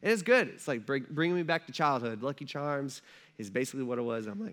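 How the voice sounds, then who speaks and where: A man in his thirties preaching a sermon from a church stage, telling stories in an animated, conversational way with lots of asides. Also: mid-range voice, fast. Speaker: pastor.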